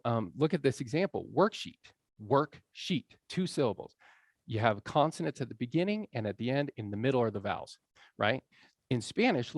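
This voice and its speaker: A man's voice: mid-range voice, no room sound, studio quality. A man lecturing on language learning in a conversational way, often checking in with his audience. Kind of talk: public lecture. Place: college lecture room.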